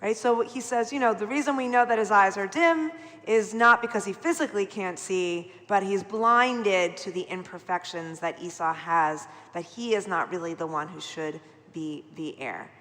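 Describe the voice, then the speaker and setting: A middle-aged woman teaches a Torah study group in a loose, chatty way, tossing "right?" at the listeners. Her voice sits at a middle pitch. It rings with the long reverb of a large sanctuary. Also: normal speed. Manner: chatty, animated, peppered with "right?". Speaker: rabbi leading Torah study. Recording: long hall reverb from a live broadcast.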